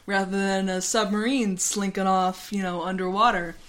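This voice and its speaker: An animated woman co-hosting a chatty podcast, at a middle pitch for a woman, retelling a film scene by scene. She jumps into goofy character voices and laughs as she goes. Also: normal speed. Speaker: podcast co-host. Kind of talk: casual chat retelling a movie.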